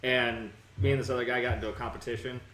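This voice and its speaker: A man co-hosting a gaming podcast, telling an anecdote in casual chat and getting animated when he quotes himself. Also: mid-range voice, fast. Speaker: podcast co-host. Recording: roomy room with faint background noise.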